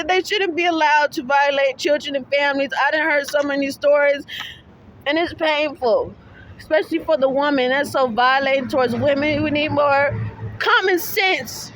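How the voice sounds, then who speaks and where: A young woman with a very high, bright voice, pouring out an impassioned rant to the camera. Her delivery is emphatic and accusatory, with faint traffic noise behind her outdoors. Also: poor audio. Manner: emphatic and accusatory, shifting between low pleading and shouting. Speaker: mother appealing for her child's return.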